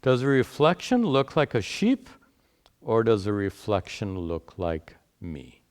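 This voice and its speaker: A patient, wise lion gently correcting a younger one, as a teacher acts him out. He speaks slowly and plainly, each word unhurried and reassuring. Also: on the low side, very animated, big-room sound. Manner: patient, reassuring, matter-of-fact. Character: calm, wise grown lion teaching another.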